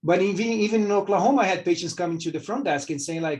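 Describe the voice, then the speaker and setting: A man's voice: fairly high pitch, brisk, darkish tone. A middle-aged man from Brazil with a Brazilian Portuguese accent, a surgeon answering interview questions candidly and rambling with many fillers. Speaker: vascular surgeon.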